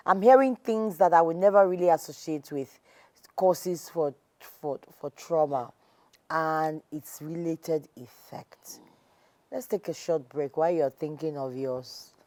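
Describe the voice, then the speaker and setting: A woman's voice: fairly low pitch, warm tone, no room sound, low-quality recording. A woman hosting a talk show, attentive and affirming, who introduces segments and asks her guest questions. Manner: attentive, affirming with short interjections.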